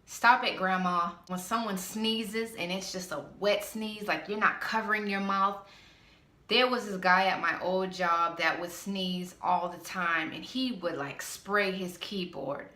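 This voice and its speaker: A woman's voice: medium pitch, measured pace, bright, forceful tone, roomy sound. A woman vlogger ranting bluntly with a slightly nasal voice, sassy and exasperated. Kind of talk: ranting vlog.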